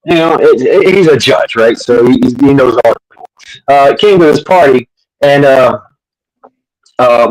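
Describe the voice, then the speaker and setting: A man's voice: mid-range voice, normal speed, low-quality recording. A middle-aged man hosting a casual livestream chat, telling crude, rambling stories full of restarts and fillers. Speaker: host.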